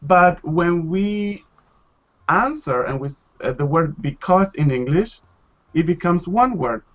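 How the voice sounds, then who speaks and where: Male language teacher, slightly high voice, unhurried, lo-fi call audio. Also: expressive, a bit bright. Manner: patient, slow, repeats and models pronunciation. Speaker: Spanish teacher. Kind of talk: live online language class. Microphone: video call.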